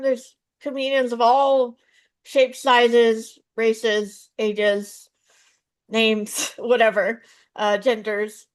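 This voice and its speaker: A woman in her thirties, a stand-up comedian and psychotherapist, answering interview questions with animated storytelling. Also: a little high. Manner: animated storytelling, acts out voices in her jokes.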